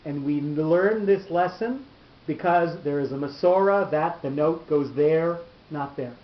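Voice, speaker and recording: A man with a fairly high voice leads a Torah class, explaining patiently and going back over the key words again and again. The sound is dull and lo-fi, with a lot of room echo. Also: unhurried. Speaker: Torah teacher.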